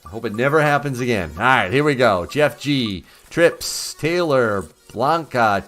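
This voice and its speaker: A man's voice: mid-range voice, expressive, unhurried, few pauses, fairly bright tone, soft background music. A man hosting a casual livestream, chatting with viewers in an upbeat, easygoing way. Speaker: livestream host.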